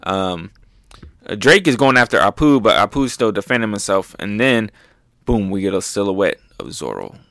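A man's voice: on the low side, sing-song, normal speed, a bit bright, no room sound, studio quality. Casual, profane man recapping manga. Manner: loose, profane, filler-heavy chatter. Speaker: manga review host.

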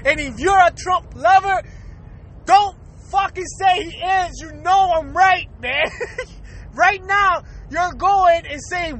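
Speaking slowly in a very high, fairly bright voice, a man in his thirties hosts a laid-back podcast. His rants are blunt and profane, punctuated by frequent laughter.

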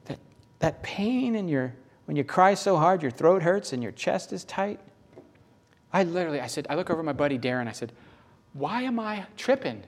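A man preaching a sermon, emphatic and repetitive, swinging between loud bursts and hushed lines. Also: fairly high pitch, animated, a little fast.

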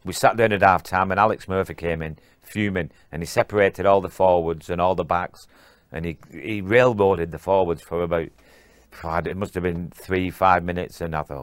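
Low-voiced man, halting. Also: fairly even intonation, clean tone, dry recording. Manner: halting, repeats words at starts. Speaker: former rugby player. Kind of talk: interview recollection.

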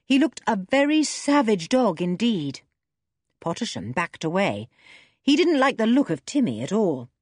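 A woman narrating a children's adventure book in an expressive reading voice. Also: medium pitch, unhurried, breathy edge, dry recording, clean studio sound. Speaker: audiobook reader. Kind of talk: storybook narration.

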